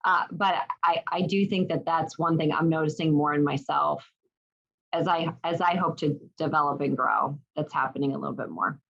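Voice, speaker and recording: A middle-aged woman, a guest, telling a personal story in a lively, animated way with many restarts. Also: deep voice, normal speed, creaky. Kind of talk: casual storytelling in an interview. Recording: dull lo-fi sound.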